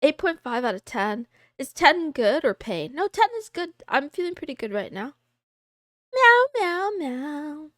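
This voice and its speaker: A woman's voice: high voice, very animated, normal speed, few pauses, no echo, studio quality. A woman streamer chatting casually on a livestream, giggly and playful, greeting viewers by name and slipping into a cat persona with meows. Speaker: VTuber streamer. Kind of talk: casual livestream chat, reading out viewer names.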